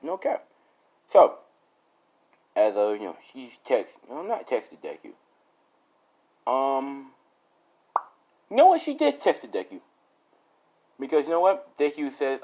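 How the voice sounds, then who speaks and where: A man's voice: medium pitch, wildly swooping pitch, unhurried, pauses often, dark tone. A young man casually improvising a fan story, rambling and laughing at his own jokes.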